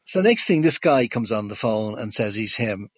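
Guy rambling thru a story, lots of ums and restarts, low and husky, kinda dull lo-fi sound. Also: expressive, normal speed, no room sound. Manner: hesitant, many fillers and restarts. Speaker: guest. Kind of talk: casual storytelling.

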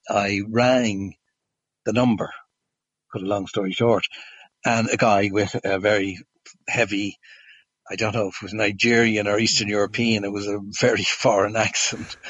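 A man's voice: lowish voice, a little slow, pauses often, a bit bright, breathy edge. A man telling a long story as a guest, hesitant with many fillers and restarts, on a dull lo-fi recording. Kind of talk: casual storytelling.

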